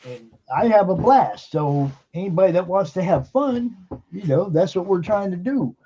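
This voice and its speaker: A man's voice: high-pitched, lively intonation, moderate pace, warm tone, lo-fi sound, slight background noise. A man hosting a live stream, talking casually and emphatically with lots of fillers and swearing. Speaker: streamer and show host. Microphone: computer mic on a live stream.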